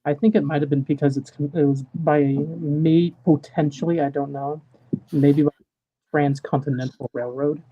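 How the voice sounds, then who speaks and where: Co-host, husky and dry, on a dull, low-fi mic. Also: steady tone, normal speed. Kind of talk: casual live-stream chat.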